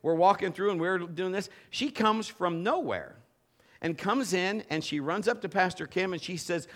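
A male pastor preaching a sermon with an animated delivery that swings from loud bursts to low, intimate tones. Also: moderate pace.

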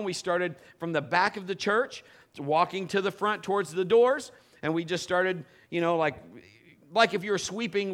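A male pastor preaching a sermon with an animated delivery that swings from loud bursts to low, intimate tones.

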